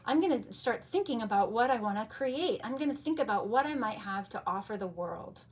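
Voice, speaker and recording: Brief: awestruck young shepherd boy, eager and excited, as a woman tells him in a storybook tale, voice sits a bit high. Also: fairly quick, slightly rough. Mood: amazed, eager.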